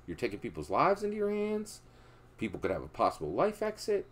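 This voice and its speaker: Very animated and a little fast, this Philadelphia man mixes storytelling with casual political commentary. Nearly every sentence ends in a questioning "right?", he stays emphatic throughout, and he drops low and quiet for moral points.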